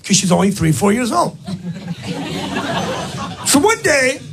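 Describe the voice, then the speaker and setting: High, gravelly, brash stand-up comedian man. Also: sing-song, measured pace, a crowd in the background, noisy background. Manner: brash, building to shouted punchlines. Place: live comedy stage with audience.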